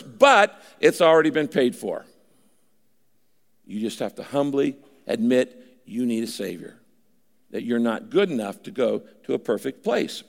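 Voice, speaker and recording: A man's voice: a little high, gravelly, big-room sound. An older man preaching a sermon in a conversational way, at times voicing imagined listeners. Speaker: pastor.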